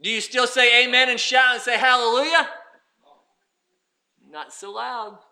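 A man preaching a sermon, swinging from loud emphatic lines to hushed, almost whispered ones. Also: extremely high pitch, steady tone, measured pace. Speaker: pastor.

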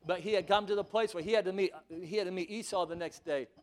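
A man with a high voice preaches a sermon. He delivers it emphatically, piling up rhetorical questions and at times pushing toward a shout. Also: fast talker.

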